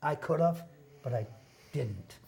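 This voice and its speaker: A man, a guest on a TV interview show, telling a personal story in an earnest, halting way, often repeating words. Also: fairly high pitch, expressive, vocal fry, dark tone, a little hiss or hum. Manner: earnest, passionate about recovery.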